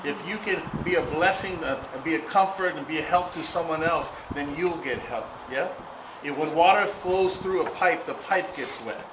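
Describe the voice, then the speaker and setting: A man's voice: fairly high pitch, normal speed. A man giving a playful cultural talk, drawing the audience into call-and-response. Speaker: cultural speaker. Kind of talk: interactive public talk. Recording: echoey room, noisy ambience.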